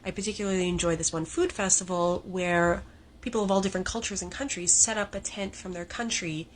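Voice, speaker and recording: A woman's voice: on the low side, steady tone, a little fast, slight background noise, poor audio. A woman from Canada telling a workplace anecdote in a chatty, detailed way. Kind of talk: storytelling to camera.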